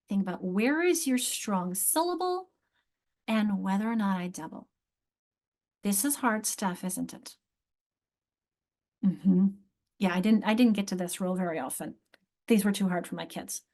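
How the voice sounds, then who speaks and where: A woman instructor teaching other teachers, thinking aloud and sounding out words slowly, repeating each one. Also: mid-range voice, a little mellow. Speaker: literacy instructor.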